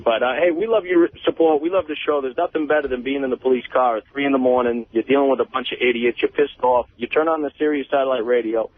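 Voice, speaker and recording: A man with a Rhode Island accent calling in as a fan and police officer, friendly and quick. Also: medium pitch, fairly even intonation. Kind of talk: phone call-in. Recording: tinny phone line.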